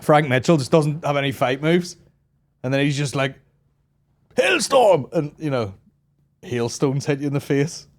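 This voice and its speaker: A podcast host in his thirties from Northern Ireland, with a Northern Irish accent, speaks in a medium-pitched voice with a steady tone at a moderate pace. His comedy podcast features loose, rambling, profane conversation with laughs between riffs.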